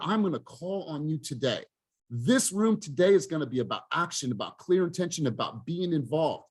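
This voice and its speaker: A man's voice: fairly high pitch, breathy edge. A man leading a group coaching call, talking in a fired-up, emphatic way and swearing for emphasis. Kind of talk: motivational group coaching talk.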